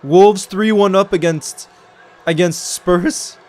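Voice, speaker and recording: A man giving excitable live commentary on a football match while greeting viewers in his chat. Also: high-pitched, takes it slowly, some chatter behind. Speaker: watchalong streamer.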